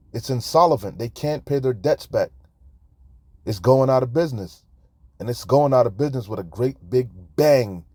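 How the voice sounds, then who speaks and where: A man's voice: mid-range voice, mellow, dry recording. A man preaching in a fiery, profane rant, reading scripture aloud between angry comments on debt. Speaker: street preacher commenting on news.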